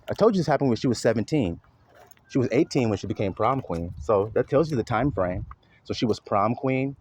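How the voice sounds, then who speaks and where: A man's voice: medium pitch, darkish tone, a little hiss or hum. A man delivering an impassioned spoken monologue, preachy and blunt, swearing freely and slipping into mocking sarcasm. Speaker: online commentator; father.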